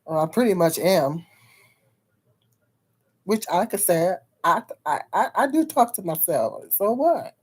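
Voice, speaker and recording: A woman's voice: on the low side, very animated, unhurried, pauses often, a little mellow, husky. Chatty, laughing woman on a livestream. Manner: rambling, repeats herself, laughs often; chatty and frank with viewers. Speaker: livestream host. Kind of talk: casual livestream chat.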